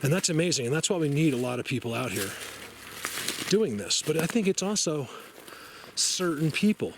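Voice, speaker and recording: Excitable man rambling outdoors. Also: fairly high pitch, normal speed, noisy background. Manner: rambling, excitable, laughs often. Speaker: vlogger. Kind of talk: casual talk to camera. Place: outdoors in a forest.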